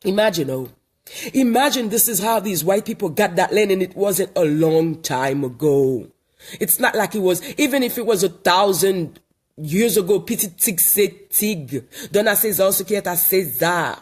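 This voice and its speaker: A man from Haiti holds forth in a backyard monologue. His voice sits high, and he hammers points home through repetition, like a street preacher. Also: expressive, normal speed, husky. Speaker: online commentator. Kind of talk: outdoor monologue. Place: backyard outdoors.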